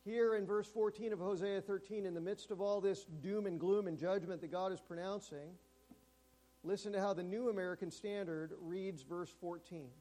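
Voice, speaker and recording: Man, high voice, preaching, emphatic, slows and hushes for key words. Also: fairly even intonation. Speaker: pastor. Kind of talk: sermon. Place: church.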